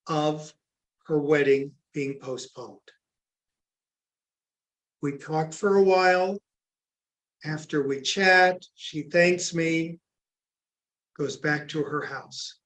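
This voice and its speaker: A man's voice: fairly high pitch, steady tone, slow pace, long pauses. A man giving a recorded training talk on grief, earnest and emphatic as he tells stories. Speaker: grief educator. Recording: echoey room.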